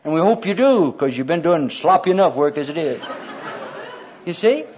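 A man's voice: fairly high pitch, very animated, normal speed, a little mellow, a little hiss or hum. An older man preaching a sermon, quoting scripture with folksy, self-deprecating humor, on a dull lo-fi recording.

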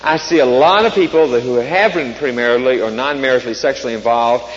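A man's voice: mid-range voice, fast talker. A man speaking on stage through a microphone at a conference, giving a joking, conversational talk and asking the audience questions. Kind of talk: humorous talk to a live audience. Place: large hall with a live audience. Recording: echoey hall, dull sound, faint hiss.

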